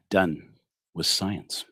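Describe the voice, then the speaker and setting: A middle-aged man hosting a livestreamed satirical sermon, addressing his target with sarcastic, theatrical mock flattery. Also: very slow, no room sound, studio quality. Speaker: host of a secular online congregation.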